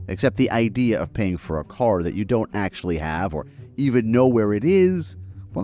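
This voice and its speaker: Give me a lowish male podcast narrator with lively intonation over faint music. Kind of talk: scripted narration.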